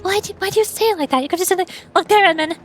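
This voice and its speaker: A bubbly young woman streamer with a bright, high-pitched voice, chattering through a game from her home setup. She jokes and reacts out loud, close on a desk mic with a bit of music under her. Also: rapid-fire. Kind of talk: casual game commentary.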